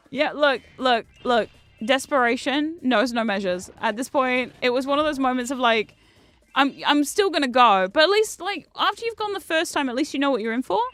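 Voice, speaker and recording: A woman streaming a video game, chatting casually with a self-mocking humor and frequent laughs, jumping between loud outbursts and low asides. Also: no room sound. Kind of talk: casual chat while gaming.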